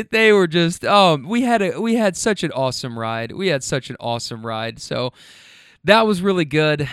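Young male podcast host, slightly high and smooth voice, loose, profane storyteller, dry close sound. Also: a bit bright, no echo. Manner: rambling, profane, keeps checking in with listeners. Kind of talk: casual storytelling.

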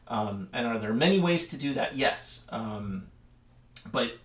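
A man who teaches cello, talking casually with a colleague in a lively, restarting way, often acting out quoted voices. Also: mid-range voice, measured pace, roomy sound, rough recording. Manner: animated, many restarts and fillers, acts out quoted voices. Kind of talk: casual chat between colleagues.

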